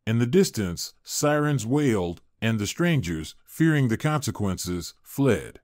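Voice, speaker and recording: A man narrating a scripted drama story with an expressive delivery. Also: lowish voice, measured pace, hardly any pauses, no echo, studio quality.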